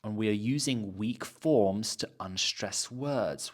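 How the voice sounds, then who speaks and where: A man teaching English pronunciation, demonstrating example phrases by repeating them slowly. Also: on the low side. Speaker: accent teacher. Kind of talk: pronunciation lesson.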